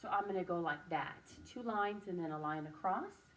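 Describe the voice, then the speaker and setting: A woman teaching a writing and drawing lesson to young children, speaking slowly and encouragingly and stressing each word. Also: on the low side, distant mic.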